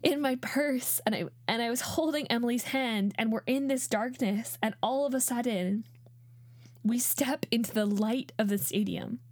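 Podcast host, Canadian woman in her late twenties, chatty and emotional, lots of "um" and "like", slightly high voice. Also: normal speed, darkish tone, no echo, clean studio sound. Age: late 20s. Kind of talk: personal storytelling.

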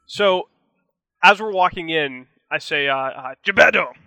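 A man playing a tabletop game, talking casually and plotting in a hushed way. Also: on the high side, unhurried, smooth, dry recording. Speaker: player.

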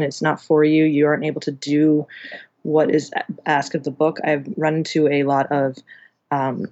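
A woman's voice: low-pitched, darkish tone. Chatty woman on a dull line. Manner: chatty, rambling, many restarts and fillers. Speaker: audiobook engineer and guest. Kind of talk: casual interview chat.

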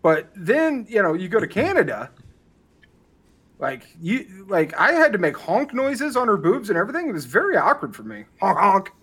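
A man's voice: high voice, normal speed, husky. An American man with a voice that swings all over, telling a story on a casual podcast. He jumps into the voices of the people in his story and swears without holding back. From United States. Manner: animated, acts out the people he quotes, swears freely. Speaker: podcast co-host.

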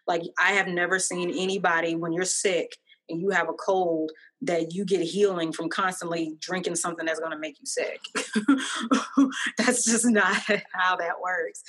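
Brief: woman, slightly low voice, sincere and reflective, casual faith chat. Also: fairly bright tone. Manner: earnest and reflective, speaks of God and joy.

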